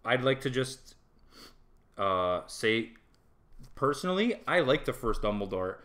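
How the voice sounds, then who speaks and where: A man's voice: medium pitch, measured pace. A young man from Toronto, ranting and swearing in a casual movie review chat. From Toronto, Canada. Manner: animated, ranting, swears freely. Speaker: podcast co-host.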